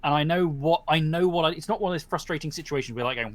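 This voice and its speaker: A man's voice: fairly high pitch, racing, few pauses, dry recording. A man narrating a tabletop game as game master, rambling and full of fillers. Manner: rambling, animated, many fillers.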